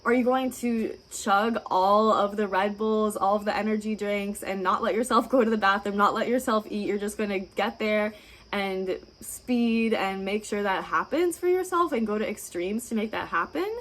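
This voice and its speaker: A woman's voice: mid-range voice, normal speed, fairly bright tone, poor audio. A woman dietitian giving advice straight to camera in an encouraging, reassuring way, asking plenty of rhetorical questions. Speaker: registered dietitian. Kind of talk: direct-to-camera advice talk.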